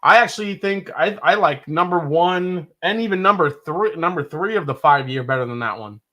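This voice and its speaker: Bright-toned chatty man tasting bourbon. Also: fairly high pitch, animated, moderate pace. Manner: chatty storyteller, lots of restarts. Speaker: podcast co-host. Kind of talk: casual chat, bourbon tasting.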